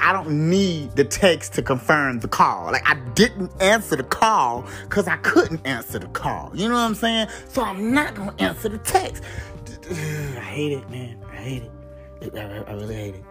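A man's voice: on the high side, fairly bright tone. A man doing a comedic rant to camera, profane and exasperated, with a repeated catchphrase. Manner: profane, exasperated, mock-outraged; repeats a catchphrase between bits. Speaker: vlogger.

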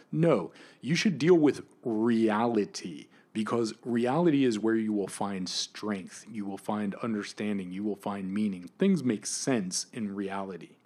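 A man hosting his own podcast, ranting with anger and frequent swearing, swinging between loud outbursts and quiet asides. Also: fairly low pitch, a little slow. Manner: angry, emphatic, swears often, swings between loud and soft. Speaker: podcast host. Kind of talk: impassioned solo podcast rant.

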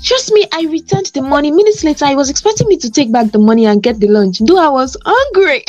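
A woman in casual conversation, telling a story in an animated, insistent way. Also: sits high, fairly quick, faint music behind. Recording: muffled lo-fi sound.

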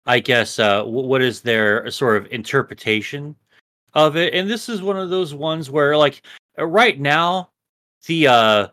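A man co-hosting a casual podcast, rambling and swearing a lot, a little high as he talks. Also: animated, a little slow, pushed and bright. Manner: rambling, profane, restarts a lot. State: a bit high. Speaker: podcast co-host. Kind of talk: casual chat.

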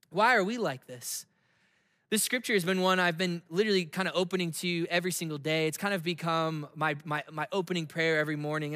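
High bright-voiced man preaching in a reverberant hall. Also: studio quality. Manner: conversational storytelling with laughs and quick asides. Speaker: pastor. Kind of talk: sermon.

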